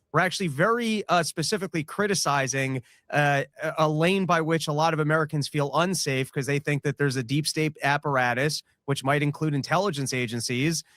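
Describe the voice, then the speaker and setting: A man giving pointed political criticism in casual chat, with halting starts. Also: fairly high pitch, a bit bright, no echo, clean studio sound.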